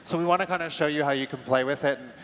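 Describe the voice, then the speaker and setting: A man's voice: a little high, rapid-fire, a bit bright. A man co-presenting at a live stage show, playful and teasing, joking with his colleagues and the crowd. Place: large event hall on stage. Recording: live hall with long reverb.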